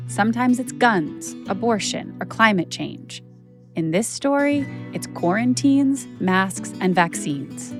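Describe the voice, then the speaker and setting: A woman's voice: medium pitch, expressive, slow, music in the background. A woman journalist hosting a podcast, narrating her own story in a candid, conversational way with casual fillers.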